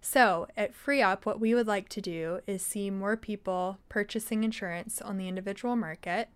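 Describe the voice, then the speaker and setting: A young adult woman, a think tank vice president, explaining policy points clearly and steadily as an interview guest. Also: medium pitch. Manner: articulate, explanatory, measured.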